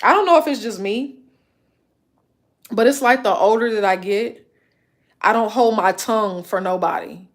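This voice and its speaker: This woman, in her late thirties, uses her live stream for a casual rant, addressing viewers bluntly and with emphasis while stacking repetitive lists to drive her point. She has a mid-range voice, a moderate pace, and pauses often.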